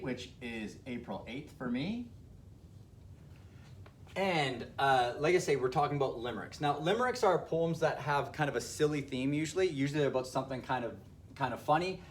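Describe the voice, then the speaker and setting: A man's voice: a little high, lively intonation, slight background noise. Man, teacher, recorded lesson, patient explaining, restarts. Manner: explaining slowly with fillers and restarts.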